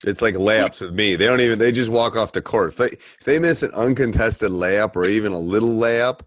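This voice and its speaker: A man's voice: lowish voice, brisk, no echo, studio quality. A middle-aged man with a Northern US accent, hosting a coaching podcast, who jumps in eagerly and repeats himself. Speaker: podcast host and basketball coach. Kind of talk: casual podcast interview.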